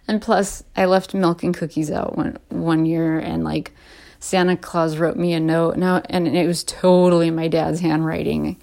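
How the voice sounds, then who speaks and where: A woman in her late thirties talking in a casual, heartfelt and rambling way as a vlogger, often laughing softly between restarts. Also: fairly low pitch, fairly even intonation, normal speed, gravelly. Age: late 30s. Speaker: vlogger and podcaster. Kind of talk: casual heartfelt personal talk.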